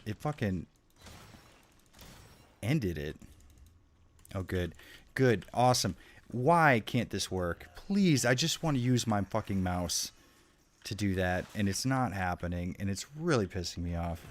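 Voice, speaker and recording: Low-voiced swearing young male gamer. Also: unhurried, long pauses. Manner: profane, excitable, jokey trash talk at the game. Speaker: streamer. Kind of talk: live gameplay commentary.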